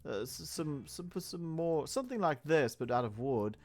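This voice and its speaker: A man's voice: fairly high pitch, animated, moderate pace. A man narrating a building game in character as a pompous, self-admiring town mayor, talking in a theatrical way. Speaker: game video host in a mayor persona.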